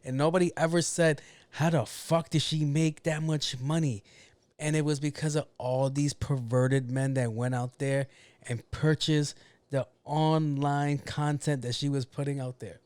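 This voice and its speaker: A man's voice: a little high, fairly even intonation, a little slow, darkish tone, no room sound. Profane, blunt man ranting on a podcast. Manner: talks to himself about his own filming mistakes. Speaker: podcast host. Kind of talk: casual solo podcast rant.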